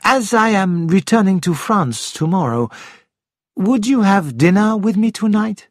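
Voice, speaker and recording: A charming young French archaeologist, formal and teasing in his manners, as a man reads him aloud. His voice sits fairly high and moves slowly and carefully, with no room sound around it. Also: sing-song, no echo, clean studio sound, full character voice. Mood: polite teasing.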